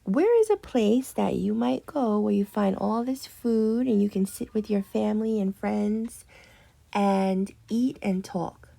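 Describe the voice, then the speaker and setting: A woman teaching an early reading lesson to young children, patient and slow, drawing out words as she models them. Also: mid-range voice, animated, gravelly, mellow.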